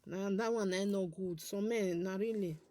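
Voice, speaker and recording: A woman's voice: mid-range voice, normal speed, mellow. Chatty Nigerian woman with a girlish voice. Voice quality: light, girlish voice. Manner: chatty and scolding, repeats herself, laughs often. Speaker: social media page host. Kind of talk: casual live chat with followers.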